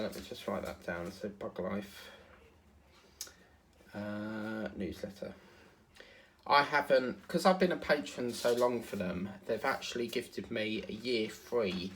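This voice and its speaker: This English diamond painting vlogger speaks in a low-ish, fairly bright voice with an Essex accent carrying some South African influence, over a little hiss or hum. He rambles chattily as he crafts, wandering off into asides and using lots of fillers.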